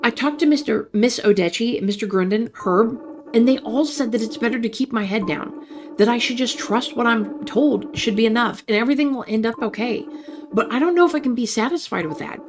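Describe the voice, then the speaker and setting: A woman's voice: on the high side, brisk, music in the background, lightly acted. A woman voicing an earnest young man who speaks hesitantly and doubts himself, while reading interactive fiction aloud. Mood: troubled. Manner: hesitant, self-doubting, stumbling. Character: earnest, unsure young man, anxious and questioning.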